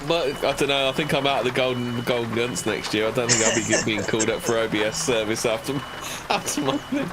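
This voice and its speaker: A man's voice: medium pitch, very animated, quick pace, very noisy. A man on a stream call, swearing freely, mocking others and laughing often in crude banter.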